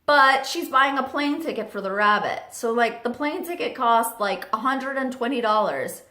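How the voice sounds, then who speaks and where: A young woman telling a chatty storytime vlog story, animated with lots of fillers. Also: on the high side, moderate pace. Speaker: vlogger. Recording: roomy echo.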